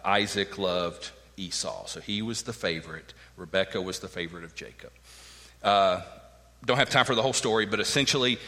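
A man's voice: fairly low pitch, sharp tone, long reverb tail. A man preaching a sermon, emphatic and earnest, acting out the words of the people in his text. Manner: emphatic preaching, acts out quoted lines. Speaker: pastor.

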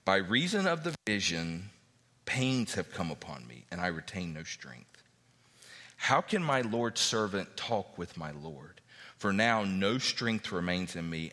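A man preaching a sermon, reading scripture aloud and acting out what the characters say in an animated way. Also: deep voice, unhurried, long reverb tail. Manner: animated, acts out biblical characters' speech.

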